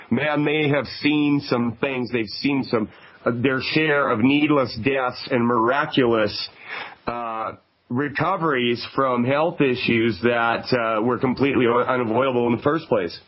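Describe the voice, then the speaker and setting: A man from Canada hosts a call-in radio show in a conversational, emphatic voice of middling pitch. The sound is dull and lo-fi, like an old radio broadcast. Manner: conversational, emphatic, repeats phone numbers slowly.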